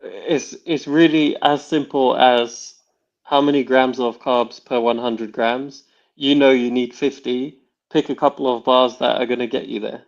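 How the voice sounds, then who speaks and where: A man's voice: medium pitch, fairly even intonation, measured pace. A man co-hosting a casual podcast chat, giving practical, matter-of-fact advice. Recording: dull lo-fi sound.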